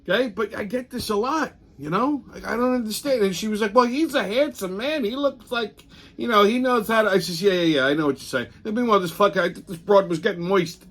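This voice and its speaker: A man's voice: sits high, quick pace, hardly any pauses. A middle-aged man hosting his own show, telling profane, blunt stories in a casual monologue. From Sicilian heritage. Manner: profane, blunt, animated storyteller. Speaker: host.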